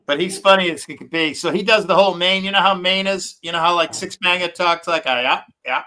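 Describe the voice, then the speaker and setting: Bright-voiced New man, rambling. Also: high voice, steady tone, fast talker, poor audio. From New England. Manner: rambling, profane, swears freely. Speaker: livestream host. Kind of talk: casual chat.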